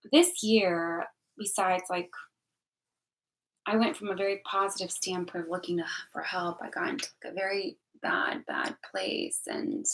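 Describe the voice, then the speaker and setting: Rambling bright-voiced young woman. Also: on the low side, low-quality recording. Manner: rambling, emotional, many restarts and repeated words. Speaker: vlogger. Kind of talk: candid personal vlog talk.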